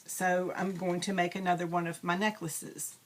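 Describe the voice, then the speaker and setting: A woman's voice: lowish voice, flat delivery, normal speed. A woman hosting a crafting videocast, chatting casually and rambling with frequent ums and self-deprecating asides. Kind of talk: casual show-and-tell chat.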